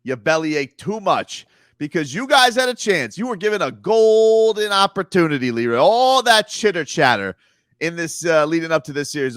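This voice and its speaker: A man talks sports on morning radio, needling opponents with rhymes and sneering put-downs. His pitch swings widely and sits a little high. The sound is dry and close. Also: very animated, normal speed, fairly bright tone, clean tone, no echo. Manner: mocking, rhyming trash talk with put-on whiny voices. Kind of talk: sports talk radio banter.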